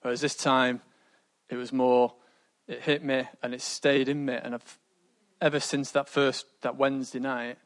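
Flat-voiced man giving hesitant testimony. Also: medium pitch, normal speed. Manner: hesitant, with frequent ums. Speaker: church member giving testimony. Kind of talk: spoken testimony.

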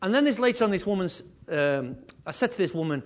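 High-voiced man preaching a sermon. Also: quick pace. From England. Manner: animated preaching with repetition and asides. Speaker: pastor.

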